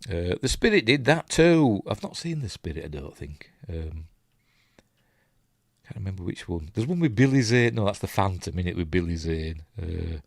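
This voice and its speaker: Low-voiced Yorkshire man rambling. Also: animated, moderate pace, gravelly, dry recording, clean studio sound. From Yorkshire, England. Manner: rambling, chatty, often loses his place. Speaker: host, film reviewer. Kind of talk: casual film breakdown reading live chat.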